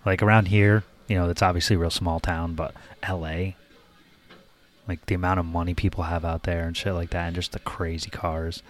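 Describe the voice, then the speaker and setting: Deep-voiced laid-back young man. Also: little pitch movement, fairly quick. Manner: laid-back, joking, chatty. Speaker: co-host watching a film. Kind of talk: casual chat.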